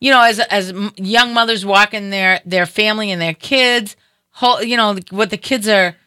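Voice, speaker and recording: A middle-aged woman hosting a casual chat, telling an animated story and acting out other people's voices. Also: medium pitch, moderate pace, clear, resonant tone, no echo.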